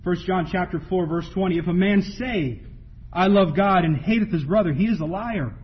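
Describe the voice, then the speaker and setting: Husky-voiced preacher, lo-fi sermon recording. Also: male voice, high-pitched, moderate pace. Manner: emphatic, repeats key phrases, reads scripture aloud. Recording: dull lo-fi sound.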